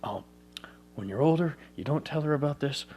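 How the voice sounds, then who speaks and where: A man's voice: fairly high pitch, lively intonation, moderate pace, slight background noise, pitched above the performer's own voice, close to an everyday voice. A man doing a flustered, whispering young father. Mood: anxious pleading. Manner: hushed, anxious bargaining, sometimes whispered. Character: flustered young father pleading with his baby.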